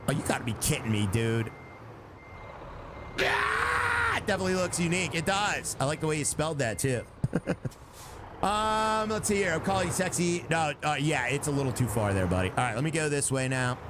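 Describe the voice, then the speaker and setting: Dude streaming a truck game, kinda high voice that jumps all over, goofy, loud engine droning behind. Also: male voice, fairly quick, very noisy. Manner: animated, joking, breaks into silly snatches of song. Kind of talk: casual gameplay commentary to chat.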